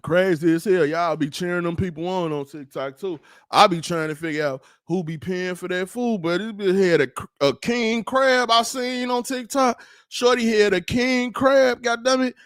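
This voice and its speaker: A man hosting his own livestream, ranting in a loose, slangy, rambling way with plenty of animated asides. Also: sits high, normal speed, clear, resonant tone, no echo, clean studio sound. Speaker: livestream host. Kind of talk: casual livestream rant.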